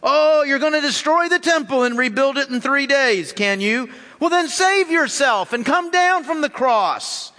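A man's voice: very high-pitched, lively intonation, unhurried, few pauses, sharp tone, pitched above the performer's own voice, heavily acted. A man voicing a jeering male mocker with a taunting, sneering delivery, in a reverberant hall. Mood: mocking.

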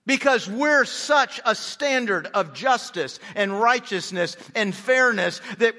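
A man's voice: sits high, lively intonation, takes it slowly, hardly any pauses, pushed and bright. A man preaching a sermon in a conversational, humorous way, often restarting his sentences. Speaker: pastor. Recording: long reverb of a large hall.

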